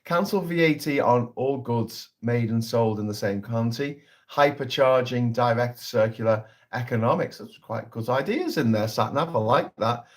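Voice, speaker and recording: A man's voice: mid-range voice, normal speed, hardly any pauses. A man hosting a casual political livestream, talking in a sarcastic, sweary, rambling way.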